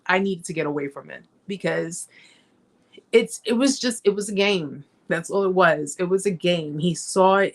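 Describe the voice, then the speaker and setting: A woman's voice: fairly low pitch, fairly bright tone. Emphatic woman host telling her story. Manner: emphatic and repetitive, often addressing viewers as guys. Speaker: host of a survivor support live chat. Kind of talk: emotional live-stream storytelling.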